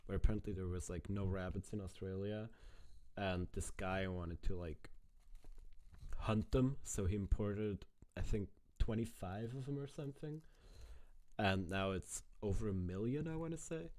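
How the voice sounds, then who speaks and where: A man's voice: fairly low pitch, normal speed, darkish tone. A man casually reacting to a video clip, chatting and swearing freely as he talks to his viewers.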